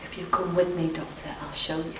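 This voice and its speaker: An actress plays a young woman urging someone to keep quiet and follow her. She is heard from far off in a roomy space, with strong tape hiss over her voice. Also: fairly high pitch, measured pace, lightly acted. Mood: urgent. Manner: hushed, urgent. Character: frightened young woman, secretive. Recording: roomy, distant, noisy VHS audio.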